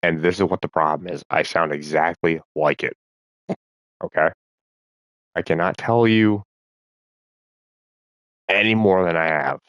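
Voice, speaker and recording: A man's voice: deep voice, steady tone, a little slow, pauses often, a bit bright, no echo. A man vlogging in a rambling, profane monologue, as if talking to himself.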